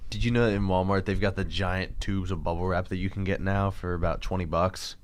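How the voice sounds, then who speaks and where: A young man co-hosting a college radio show, explaining things in a relaxed, storytelling way. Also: low voice, brisk. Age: young adult. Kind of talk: casual radio banter.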